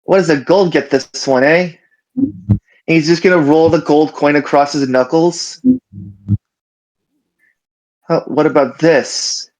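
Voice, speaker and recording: A man's voice: a little high, takes it slowly, pauses often, darkish tone, poor audio. A man voicing a foul-mouthed, dapper male raccoon with a cane in a tabletop game, talking with brash, cursing swagger. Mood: cocky.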